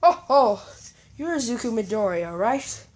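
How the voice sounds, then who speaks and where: Jolly old santa guy, a woman putting him on, loud and hearty, talks slow. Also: a little high, sing-song, low-quality recording. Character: jolly old male Santa Claus, cheerful.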